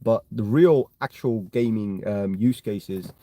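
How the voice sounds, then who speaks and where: A crypto live-stream host from London, England, speaks with a London accent in a mellow, slow voice on the low side. He rambles casually through viewer comments, often tacking on "right?" and "you know what I mean."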